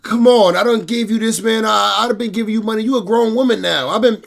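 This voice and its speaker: A man's voice: sits high, brisk, creaky, pitched above the performer's own voice. A man voicing a tired father who grumbles at his daughter's demands. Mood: exasperated. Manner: exasperated, grumbling, then giving in. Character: weary indulgent middle-aged father.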